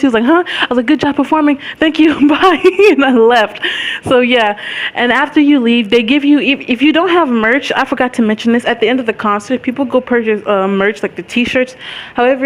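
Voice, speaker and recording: A woman's voice: on the high side, rough recording. A young woman vlogger telling a story in a chatty, rambling way, with lots of fillers and frequent laughs. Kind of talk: casual storytelling vlog.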